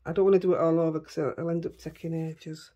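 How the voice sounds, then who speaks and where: A woman with a broad Yorkshire accent and a fairly low, breathy, husky tone. She chats in a relaxed, homely way while she works on a craft project, muttering asides to herself and her dogs. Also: quick pace, muffled recording. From Yorkshire, England. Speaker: craft vlogger. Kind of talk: casual crafting chat.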